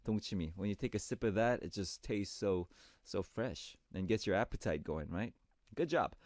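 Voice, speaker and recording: A man's voice: fairly low pitch, expressive, normal speed, no echo. Chatty guy DJing a radio show, upbeat, reading fan mail, dead dry studio mic. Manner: upbeat and chatty, reads messages in a brighter voice. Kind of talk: radio show hosting, reading listener messages.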